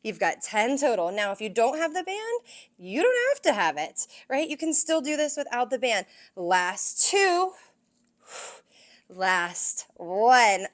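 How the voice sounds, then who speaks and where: Slowly and in a sing-song way, a young woman with a slightly high voice guides a yoga and strength session as its instructor. She calls out the moves and counts reps with encouragement, now and then sounding breathless.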